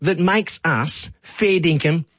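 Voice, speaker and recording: A man's voice: on the high side, takes it slowly, fairly bright tone, dry recording, lo-fi sound. A man with an Australian accent hosting a radio show in a chatty, jokey way, reading out listener texts. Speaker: radio host. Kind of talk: casual radio chat.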